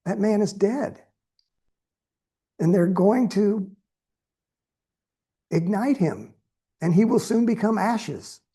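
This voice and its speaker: A man's voice: high voice, animated, takes it slowly, pauses often, dark tone, slightly rough, voice pushed up, heavily acted. A man voicing a plain-spoken charioteer who answers his master bluntly and matter-of-factly. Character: loyal male charioteer, plain-spoken servant.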